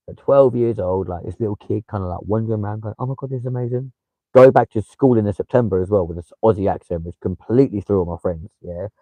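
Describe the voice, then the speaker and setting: A man's voice: deep voice, mellow, dry recording, low-quality recording. A young man with a London accent chatting casually on a livestream, swearing freely and replying to viewers. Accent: London English. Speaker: livestream host.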